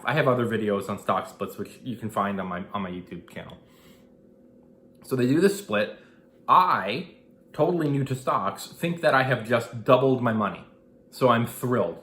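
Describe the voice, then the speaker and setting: A man in his thirties telling a personal investing story in a casual vlog, animated and acting out what people said. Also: mid-range voice. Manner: animated, acts out quoted dialogue. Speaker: investing vlogger. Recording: echoey room.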